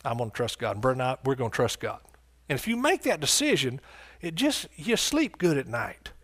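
A man's voice: medium pitch, huge pitch swings, moderate pace, fairly bright tone. A man from the United States preaching a sermon, emphatic, repeating his phrases and calling out to his listeners.

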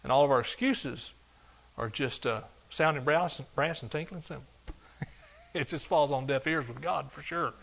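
A man preaching a sermon, animated and joking, acting out excuses in a higher voice. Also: moderate pace, vocal fry, husky. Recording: dull lo-fi sound.

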